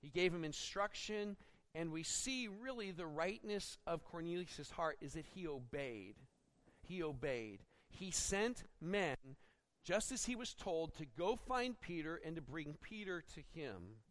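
Male pastor, higher voice, expository sermon with acted asides. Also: a little slow. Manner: expository preaching with acted-out quotes; animated, rising when dramatizing.

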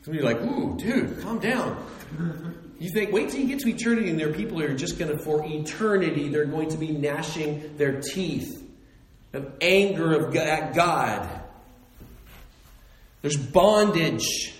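Animated high-voiced preacher in an echoey hall. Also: male voice, normal speed. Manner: animated, repeats phrases, acts out quoted voices. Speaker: pastor. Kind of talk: sermon.

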